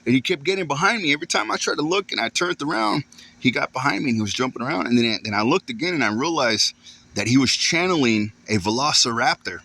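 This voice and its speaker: A man's voice: mid-range voice, lively intonation, fast, gravelly, sharp tone, low-quality recording. A man casually telling a long story outdoors into a handheld phone camera, rambling, repeating himself and swearing as he goes. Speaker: vlogger.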